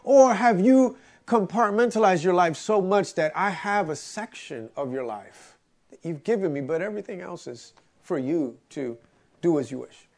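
A preacher voicing the Lord, calm and direct, asking believers searching questions. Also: male voice, high voice, normal speed.

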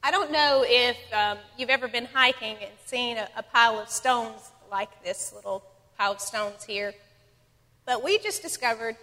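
Woman devotional leader, slightly high voice, conversational with fillers, reverberant hall. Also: moderate pace, pushed and bright. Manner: conversational, many ums, reads scripture aloud. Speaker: Bible study leader. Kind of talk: casual devotional talk with scripture reading.

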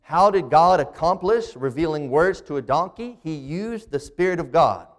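A man preaching an expository sermon, reading scripture aloud and slowing down to stress key phrases. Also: on the high side, animated, in a large hall.

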